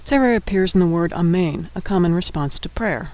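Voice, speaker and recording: A man from the United States, teaching an alphabet lesson in scripted narration and slowly sounding out letters, vowels and syllables. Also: sits high, expressive, a little mellow, a little hiss or hum, rough recording.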